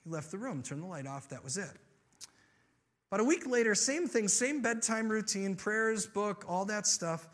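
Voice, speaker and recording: Bright-voiced animated male preacher. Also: high-pitched, normal speed. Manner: animated storyteller, swinging from soft to emphatic. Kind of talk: sermon with storytelling.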